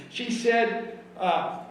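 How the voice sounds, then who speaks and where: A man preaching a sermon as pastor, telling a Bible story with animated, often shouted quotes. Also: very high voice. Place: church sanctuary. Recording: very echoey hall, mic from far off.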